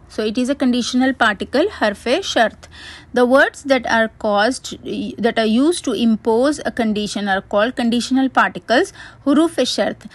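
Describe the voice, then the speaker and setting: A woman's voice: a little high, dry recording. A woman teacher reading a word-by-word grammar lesson, methodically spelling out root letters and terms.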